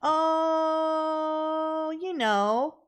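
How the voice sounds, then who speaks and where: A woman's voice: sits high, drawn-out words. Giggly woman streamer chatting. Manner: giggly, laughs often. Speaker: vtuber streamer. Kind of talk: casual chat.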